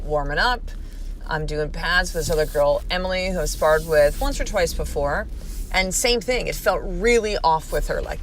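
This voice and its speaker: A woman's voice: on the low side, fairly bright tone, slight background noise. A woman in her forties hosting a podcast, telling a personal story in a candid, emphatic way and swearing freely. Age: 40s. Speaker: podcast host.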